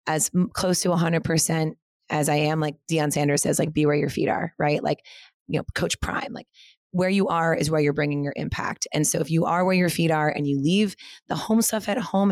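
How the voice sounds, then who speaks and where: A woman's voice: fairly low pitch, no room sound. A woman who co-founded a cycling studio, speaking frankly in a casual interview, swearing freely and saying "like" a lot. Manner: frank, profane, heavy with filler words. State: mother of two.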